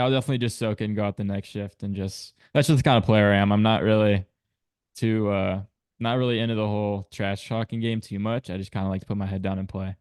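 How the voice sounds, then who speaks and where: A young man in his twenties with a Chicago accent talks in an easygoing, rambling way, leaning on "I mean" and "dude." His voice sits on the low side, and the recording is very dry and close. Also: a little mellow, smooth, no echo. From Chicago area. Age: 20s. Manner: laid-back, fillers like "I mean" and "dude". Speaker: guest hockey player. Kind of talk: casual podcast chat.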